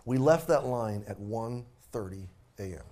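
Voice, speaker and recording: A man's voice: on the low side, lively intonation, unhurried, warm tone. A man in his forties, a pastor preaching a sermon as a casual, self-deprecating story.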